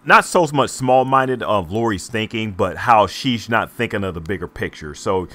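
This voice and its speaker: A man's voice: on the low side, animated, moderate pace, sharp tone. A man co-hosting a podcast, musing over a comic in a rambling, hesitant way full of ums. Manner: rambling, hesitant with many ums, laughs easily. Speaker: podcast co-host. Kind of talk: casual comic-book discussion.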